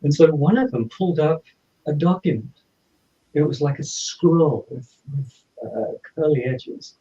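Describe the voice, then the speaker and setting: Mellow man telling a story. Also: on the high side, a little slow. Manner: animated, acts out dialogue. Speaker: podcast guest. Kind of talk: personal storytelling. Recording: slightly dull lo-fi audio.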